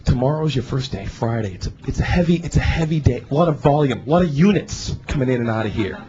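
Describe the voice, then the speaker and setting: A man's voice: mid-range voice, fast talker, darkish tone, voice pushed down, lightly acted. A man voicing an overly serious video store manager giving grave, earnest instructions. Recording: dull live club recording, crowd.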